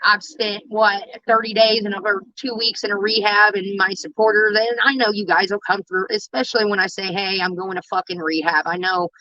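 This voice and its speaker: Female streamer, unscripted and emotional, heavy profanity, halting delivery; dull, dry home audio. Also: medium pitch, fairly even intonation, bright, forceful tone, no echo. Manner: raw, emotional, swears constantly, halting restarts. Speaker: livestreamer. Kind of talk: candid livestream talk to viewers.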